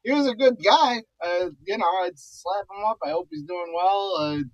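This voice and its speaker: A man's voice: high voice, animated, normal speed, dull audio. A man chatting casually, laughing often and telling rambling stories. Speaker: podcast guest. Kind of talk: casual chat.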